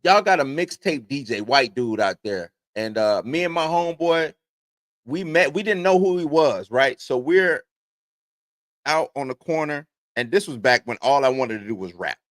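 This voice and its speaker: A man's voice: mid-range voice, lively intonation, moderate pace, fairly bright tone, dry recording. A man in his forties hosting a casual livestream, reading entertainment news aloud and then rambling off into his own stories. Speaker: host.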